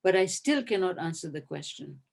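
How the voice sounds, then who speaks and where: A woman professor giving a measured, thoughtful webinar talk over a video call. She pauses often with hesitations and restarts her sentences. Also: fairly low pitch, lively intonation, vocal fry, a little mellow. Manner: measured, thoughtful, frequent hesitations and self-corrections. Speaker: professor, guest speaker. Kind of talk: webinar talk answering a question.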